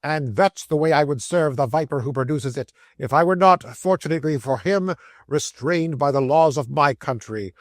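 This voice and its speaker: A man's voice: on the high side, normal speed, no echo, studio quality, close to an everyday voice. A man doing a pompous, indignant old-time editor. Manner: huffy, declaiming insults.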